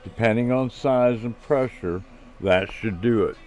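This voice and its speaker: A man's voice: mid-range voice, measured pace, a little mellow, voice pushed up, lightly acted. A man reading the lines of an eager adult male inventor friend who uses Aussie slang and explains technical plans at length. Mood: earnest.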